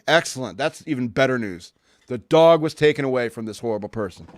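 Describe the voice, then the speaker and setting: Man, podcast host, sarcastic rant, plain mid pitch, dry close sound. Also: brisk, no echo. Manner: sarcastic, blunt, with profanity; rambling with many restarts. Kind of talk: casual opinion rant.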